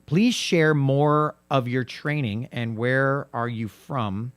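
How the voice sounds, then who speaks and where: A man hosting a community radio music show, reading listener messages in a relaxed, joking manner. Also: mid-range voice, takes it slowly, clear, resonant tone, no room sound. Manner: easygoing, joking. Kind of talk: casual on-air chat, reading listener messages. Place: radio studio.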